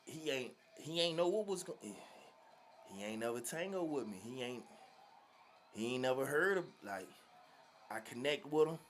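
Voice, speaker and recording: Man from Virginia, casual storyteller, slangy and animated, mid pitch, faint room hum. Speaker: vlogger.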